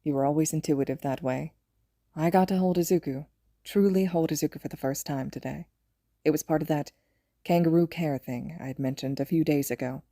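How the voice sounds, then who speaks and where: A woman voicing a tender young father who speaks softly and haltingly, in a podfic reading. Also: low voice, dry recording, studio quality. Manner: soft-spoken, halting, affectionate.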